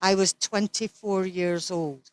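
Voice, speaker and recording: A woman's voice: mid-range voice, steady tone, slow pace, no echo. A Scottish woman in her sixties, an interview guest who talks bluntly and swears freely, as if ranting in casual chat. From Scotland.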